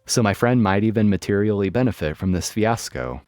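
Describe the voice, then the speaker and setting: A man's voice: lowish voice, lively intonation, a little fast, darkish tone, no room sound. A man narrating online stories in a wry, matter-of-fact scripted style. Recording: dry studio voice with faint music. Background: faint background music.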